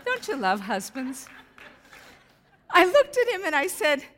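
A woman's voice: sits high, a little slow, noisy background. Woman telling stories in an echoing church. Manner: animated storytelling with self-deprecating humor. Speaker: guest speaker at a church service. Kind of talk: storytelling sermon. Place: church sanctuary. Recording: reverberant church hall.

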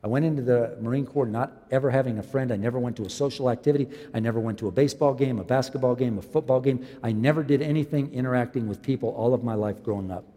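A man's voice: medium pitch, fast, few pauses. Man preaching in a reverberant hall. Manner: impassioned preaching, rising loud then dropping quiet. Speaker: pastor. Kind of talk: sermon.

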